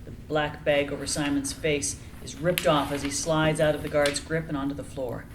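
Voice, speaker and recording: A woman narrating the action lines of a screenplay reading in an even, descriptive way. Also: low voice, normal speed, noisy background.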